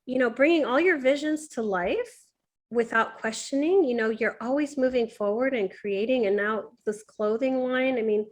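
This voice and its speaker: A woman hosting an interview, affirming her guest and talking in quick bursts. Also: fairly high pitch. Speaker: podcast host. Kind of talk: casual interview chat.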